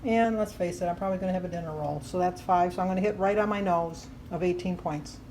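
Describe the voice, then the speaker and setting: An older woman recounts her day to the camera in a relaxed, rambling way. Her voice sits a little low. A faint hiss runs under the recording. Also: fast, rough recording. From Michigan. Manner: chatty storytelling with fillers. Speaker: vlogger. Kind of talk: casual daily vlog.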